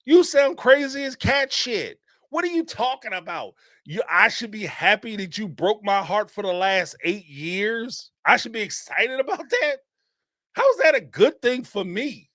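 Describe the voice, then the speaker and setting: A man's voice: high-pitched, big pitch swings, measured pace, fairly bright tone, no room sound, studio quality, voice pushed up, heavily acted. A man voicing a blunt, exasperated woman scolding her ex in disbelief. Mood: incredulous. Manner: incredulous, scolding.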